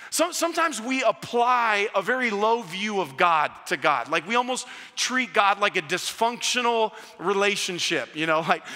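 A male pastor talks through a chatty sermon, bright and forceful, in a fairly high voice. He mocks himself as he goes. His words ring out with a long reverb from a large hall. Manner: animated, self-mocking, acts out a crying child in high pitch. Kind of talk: conversational sermon with storytelling.

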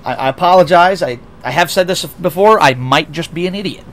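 Reading chat aloud during a racing game stream, a young VTuber from the United States rambles casually, restarting often and tossing in self-deprecating asides. He speaks at normal speed in a fairly high, expressive voice that's a bit bright.

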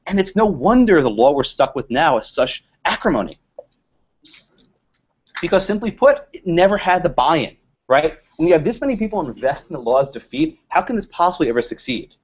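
A man giving a lively, joking law lecture to a live audience, quizzing the room and laughing at his own jokes. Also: a little high, moderate pace, slightly rough. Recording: dull lo-fi lecture recording.

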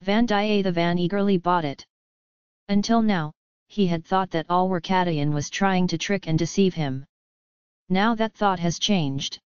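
A woman narrating an audiobook in an even, storytelling read. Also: on the low side, unhurried, clean tone, no echo, lo-fi sound. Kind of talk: scripted narration.

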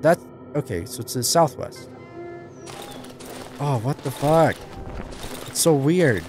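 A man's voice: mid-range voice, expressive, slow, a little mellow, faint music behind. Jumpy swearing man playing a horror game. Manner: jumpy, swears and screams when startled. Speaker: gameplay commentator. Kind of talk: horror game let's play commentary.

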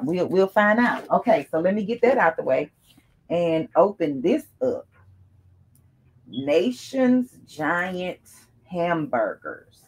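A woman chatting casually to her viewers as she unboxes gifts, calling them y'all and breaking into excited exclamations. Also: medium pitch.

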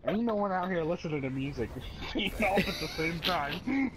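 A man's voice: sits high, animated, normal speed, background noise. A man gaming in a party chat, teasing and trash-talking his friends over a headset mic. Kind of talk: casual chat while gaming.

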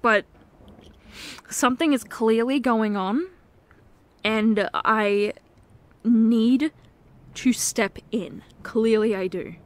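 A woman in a whispered role-play as a girlfriend, talking softly and earnestly, swinging between hushed pleading and sharp, swearing exasperation. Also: a little high, very slow, pauses often. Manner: swears when frustrated. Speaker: ASMR role-play performer.

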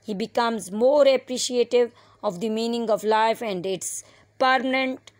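A woman teacher giving an online English lesson, reading a passage aloud slowly and explaining word meanings with occasional fillers. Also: fairly high pitch, dry recording. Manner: slow, deliberate reading with fillers.

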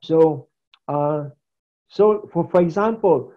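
Man teaching preaching, higher voice. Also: takes it slowly, phone-quality sound. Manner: repeats phrases, loose and conversational, gestures while talking. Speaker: preaching instructor. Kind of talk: recorded lecture on preaching. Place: indoors at a laptop.

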